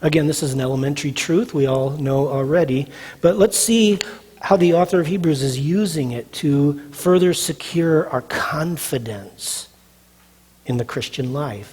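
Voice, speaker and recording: High-voiced man preaching a sermon. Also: darkish tone, husky. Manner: emphatic, repeats phrases, asks the audience questions. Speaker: pastor. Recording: long hall reverb.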